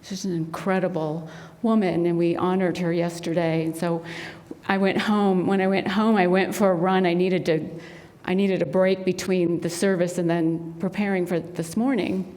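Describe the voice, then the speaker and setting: A woman speaking to a spiritual center congregation, telling stories and acting out the people in them. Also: normal speed. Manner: animated storyteller, acts out quotes in a high bright voice. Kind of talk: sermon talk with storytelling. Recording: long hall reverb.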